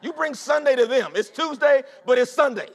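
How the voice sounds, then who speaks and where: A man preaching a sermon to his congregation in an animated, conversational way, repeating phrases and calling out to the listeners. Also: extremely high pitch, a little fast. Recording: long reverb of a large hall.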